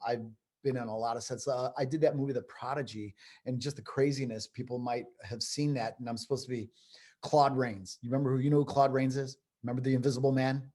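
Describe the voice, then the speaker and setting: A man's voice: mid-range voice, fairly even intonation, quick pace, warm tone. A man co-hosting a podcast, chatting casually and adding his own stories from working as a stunt performer on film sets. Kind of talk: casual chat.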